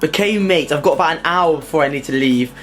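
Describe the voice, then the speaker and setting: A young British man vlogging casually to his own camera at home and in his car, excitable, slangy and full of swearing. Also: on the high side, fast, faint music behind. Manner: excitable, slangy and sweary, keeps saying "mate". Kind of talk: casual vlog chat to camera. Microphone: self-filmed camera.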